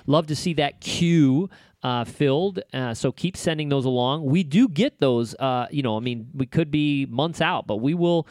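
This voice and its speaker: A man's voice: a little high, a little slow, no echo, clean studio sound. A man from upstate New York co-hosting a podcast, chatting in an upbeat, rambling way with many fillers. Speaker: podcast co-host. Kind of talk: casual podcast chat.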